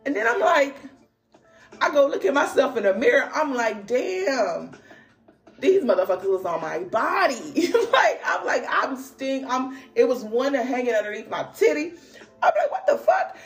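This young woman speaks in a high voice at normal speed, hosting a spiritual podcast. She shares a dream story in an animated, laughing way, heavy on slang and exclamations, and afterward reads cards.

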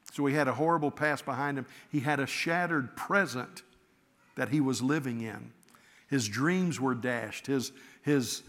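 A man's voice: mid-range voice, fairly bright tone. A man preaching a sermon, folksy and storytelling, correcting himself in easy asides. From Florida, US. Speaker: pastor. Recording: long reverb of a large hall.

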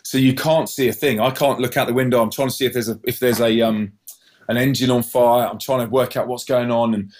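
Male guest, storyteller; animated, restarts often, jumps into high yelps when quoting others. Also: a little fast. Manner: acts out voices with sudden high yelps; many restarts and repeated words.

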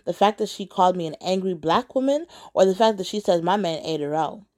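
A woman telling a personal story to the camera in candid storytime narration, blunt, with sharp rhetorical asides. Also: on the low side, expressive, a little fast. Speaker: vlogger.

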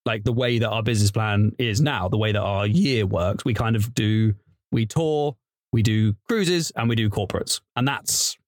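A man's voice: lowish voice, moderate pace, dry recording. Chatty man, dry close sound. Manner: chatty, rambling with restarts and laughs. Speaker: improv comedian guest. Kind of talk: casual interview chat.

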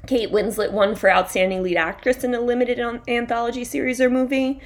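A woman's voice: on the high side, steady tone, fairly quick. A woman from the Philadelphia area co-hosting a podcast in casual chat, laughing as she talks and reading out lists. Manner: chatty, laughs while talking, reads out lists. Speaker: podcast co-host.

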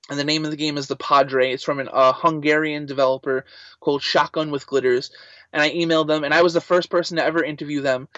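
An animated man chatting as an interview guest, telling his story in a loose, casual way with many fillers. His voice sits a little high for a man. The sound is dry and slightly dull. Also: no room sound. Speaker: guest, voice actor and writer. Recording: slightly muffled dry recording.

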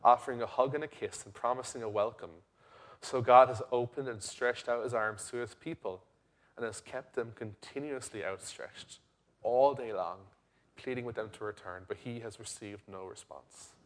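A young adult man, a pastor preaching a sermon in an earnest way, rising to loud emphasis and dropping to quiet intensity. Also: medium pitch, moderate pace.

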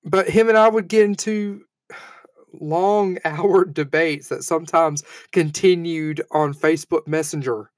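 Emotional man giving a halting eulogy. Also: a little high, steady tone, dry recording. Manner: halting, with frequent fillers and restarts; heartfelt and emotional. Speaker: eulogy speaker. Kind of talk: personal eulogy speech.

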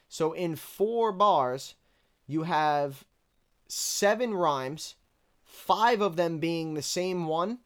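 A man casually breaking down rap lyrics bar by bar, candid and relaxed as he counts the rhymes. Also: a little high, clean tone. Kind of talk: casual analytical commentary.

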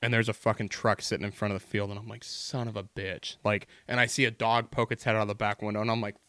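A man as a podcast guest, telling a hunting story in relaxed, profane, casual chat. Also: lowish voice, very fast, smooth, dry recording. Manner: relaxed, profane, laid-back.

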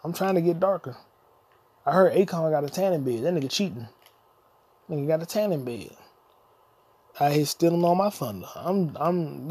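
Gravelly-voiced man rambling comedically. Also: a little high, warm tone. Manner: freewheeling, jumps between talk and scatted singing. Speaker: podcast host. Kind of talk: rambling comedic monologue with improvised singing.

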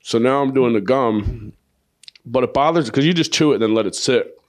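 A man's voice: medium pitch, normal speed. A man hosting a podcast, a comedian chatting crudely, with lots of profanity and jokes. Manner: profane, joking, storytelling. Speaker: podcast host. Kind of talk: crude casual chat.

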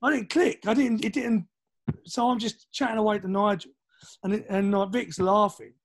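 A middle-aged man from East London with a London accent, telling anecdotes as a podcast guest, animated and acting out the voices of people in his stories. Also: high-pitched, moderate pace. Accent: London English. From East London, England. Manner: animated, acts out quoted voices, swears casually. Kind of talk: casual storytelling.

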